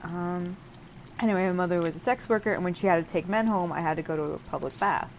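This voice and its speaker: A woman's voice: fairly low pitch, slight background noise, poor audio. A woman hosting a game playthrough, casually chatting and translating dialogue with lots of fillers and self-interruptions. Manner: paraphrases game dialogue in quick lively asides. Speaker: let's play host translating a game. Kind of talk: casual gameplay commentary.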